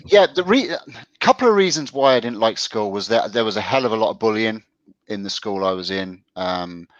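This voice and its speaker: A man's voice: a little fast, no echo, dull audio. A man co-hosting a casual show, telling stories in a chatty way with frequent laughs. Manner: chatty storyteller, laughs often, lively pitch. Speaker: co-host. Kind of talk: casual chat.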